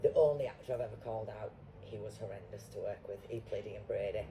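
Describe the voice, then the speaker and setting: A woman's voice: extremely low pitch, fast talker, warm tone, slight background noise, poor audio. A middle-aged woman with a Yorkshire accent, a guest actor telling stories in a casual chat, blunt and swearing freely.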